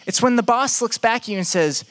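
A man's voice: very high-pitched, brisk. A young man preaching a sermon, speaking straight to the congregation with joking asides and acting out imagined prayers. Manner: animated, acts out imagined prayers and quotes.

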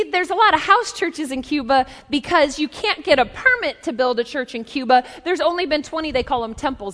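A woman in her forties preaching a sermon, telling a story in a conversational, lively way with asides. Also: high-pitched. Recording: long reverb of a large hall.

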